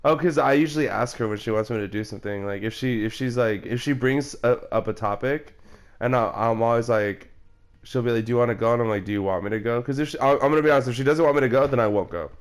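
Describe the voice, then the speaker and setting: A young man talks fast in a medium-pitched voice, rambling through a personal story while gaming with a friend. He swears and keeps calling his friend bro in this casual in-game chat.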